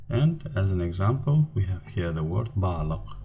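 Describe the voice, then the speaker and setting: A man with a Turkmen accent gives a slide-based grammar lesson in a low, unhurried voice. His tone is mellow and dark. He pauses often, fills gaps with small hesitations, and breaks words into syllables carefully. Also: very animated. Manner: hesitant, many fillers and restarts, spells out syllables slowly. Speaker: language teacher.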